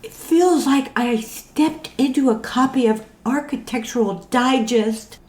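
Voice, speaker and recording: A woman's voice: high-pitched, measured pace, a little mellow. A woman voicing a starstruck adult woman fan who stammers and squeals. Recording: roomy echo.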